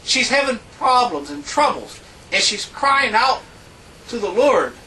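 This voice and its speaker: A man preaching a sermon, reading scripture in an emphatic, drawn-out way with big rises and falls in pitch. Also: big pitch swings, bright, forceful tone, recorded from a distance, slight background noise, poor audio.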